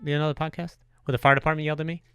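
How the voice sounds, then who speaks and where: A man hosting a podcast, telling stories in a casual, profane, animated way. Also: a little high, rapid-fire, clear, resonant tone, dry recording. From New York. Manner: animated storyteller, swears freely. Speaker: podcast host.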